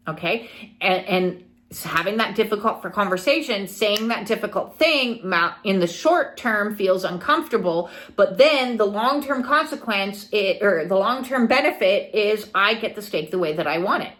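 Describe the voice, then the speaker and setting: A middle-aged woman spiritual coach talking casually, acting out little scenes and quoted voices as she teaches. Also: medium pitch. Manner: animated, acts out quoted people.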